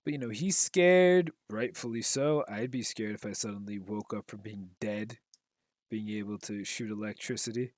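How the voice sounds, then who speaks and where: A man's voice: lowish voice, moderate pace, no echo, clean studio sound. A man recapping a film in loose, rambling chat, full of fillers and the odd swear, while he plays a game. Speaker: gaming commentator. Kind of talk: casual commentary while playing.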